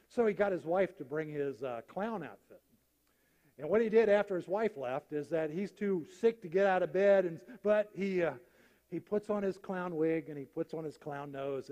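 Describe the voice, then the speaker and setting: A man preaching a sermon, telling humorous stories and acting out the punchlines. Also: a little high. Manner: animated storyteller acting out jokes. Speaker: pastor. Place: church sanctuary. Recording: church hall reverb.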